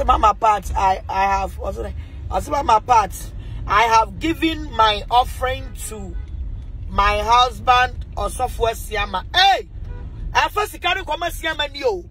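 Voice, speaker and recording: High-voiced Ghanaian woman, animated. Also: slight background noise. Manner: animated, pleading and teasing, swings between laughing and mock crying. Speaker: livestream host asking viewers for money. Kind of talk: casual livestream chat.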